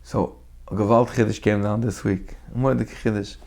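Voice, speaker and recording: A man's voice: lowish voice, moderate pace, gravelly. A man giving a weekly Torah talk, telling stories animatedly and acting out the people in them. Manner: animated storyteller who acts out the people in his tales. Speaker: Torah teacher.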